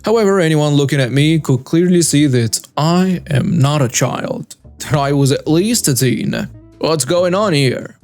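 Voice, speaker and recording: A man reading out a first-person story in a brisk, matter-of-fact scripted narration. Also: fairly high pitch, a little mellow, soft background music.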